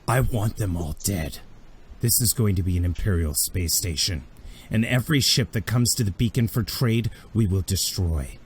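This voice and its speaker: Guy doing a cold vengeful alien admiral, slow and menacing, lowish voice. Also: slight background noise, close to an everyday voice. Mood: furious.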